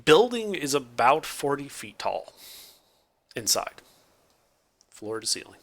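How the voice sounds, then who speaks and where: Lively young man running a tabletop game. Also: mid-range voice, takes it slowly. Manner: descriptive, lively narration with fillers. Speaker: game master.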